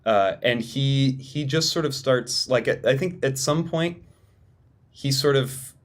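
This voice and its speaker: A man's voice: medium pitch, unhurried. A man playing a tabletop game who thinks aloud, hesitantly describing what his character does. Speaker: player.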